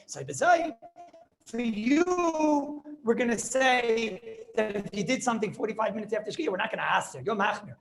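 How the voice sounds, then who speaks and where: A rabbi teaching a Talmudic halacha class, arguing through points with rhetorical questions and yeshiva-style English full of Hebrew terms. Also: male voice, sits high.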